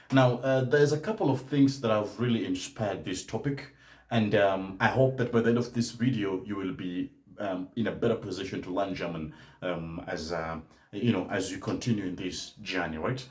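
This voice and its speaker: A man's voice: on the low side, normal speed, echoey room. A man teaching German learners in a live-stream talk, speaking emphatically and often adding "right?" to his points. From Kenya. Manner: emphatic, tags statements with "right?".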